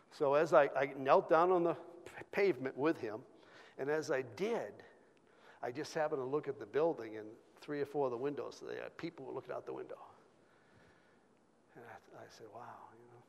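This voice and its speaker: Halting man giving a testimony in a hall. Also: medium pitch, gravelly. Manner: halting, many repeated words and fillers. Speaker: church speaker sharing a testimony. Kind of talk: informal sermon testimony.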